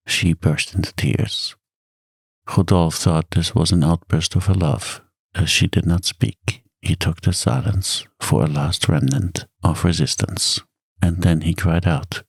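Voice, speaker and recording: A man reads a bedtime story in a soft-spoken ASMR style, his voice deep and slow. There is a husky, gravelly texture to it, and the close recording sounds dry, with no room around it. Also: fairly even intonation, no echo. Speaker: audiobook narrator.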